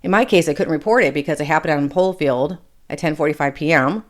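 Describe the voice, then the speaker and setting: Brief: Michigan woman host in her 40s-50s, slightly low voice, blunt and profane, rambling solo commentary. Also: fast talker. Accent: Michigan, with a trace of Appalachian. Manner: blunt, swears casually, drifts off topic. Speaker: podcast host.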